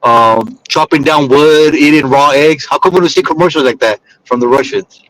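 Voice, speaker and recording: A man's voice: fairly high pitch, normal speed, a bit bright, low-quality recording. A man hosting a casual boxing talk stream, teasing his guests and rambling, with some swearing.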